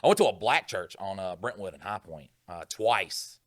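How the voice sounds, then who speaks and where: A man co-hosts a podcast, spinning rambling, profane stories in casual conversation. His low voice has big pitch swings, a moderate pace and a slightly bright tone, captured as clean studio sound with no room sound.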